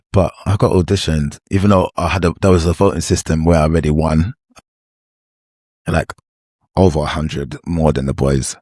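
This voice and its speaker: Young man, very deep voice, dry close sound, lively storytelling full of slang. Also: no echo. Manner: animated, slangy storytelling with swearing and repeats. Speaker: former reality show cast member. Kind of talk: storytime vlog.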